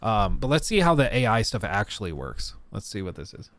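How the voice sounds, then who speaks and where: A man giving casual livestream commentary on a game demo, animated and joking with laughing asides. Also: on the low side, fairly quick. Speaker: streamer reacting to a game demo.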